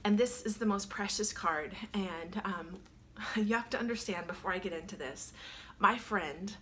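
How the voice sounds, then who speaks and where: A woman's voice: mid-range voice, moderate pace, a bit bright. An earnest woman radio host tells a heartfelt story on air, close to tears, her voice in a middle register. A faint hiss sits behind her in the studio. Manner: earnest and emotional, fighting back tears.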